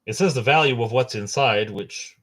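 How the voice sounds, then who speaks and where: A middle-aged man hosting a casual book unboxing, rambling and enthusiastic, with a halting way of talking. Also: medium pitch, a bit bright. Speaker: host.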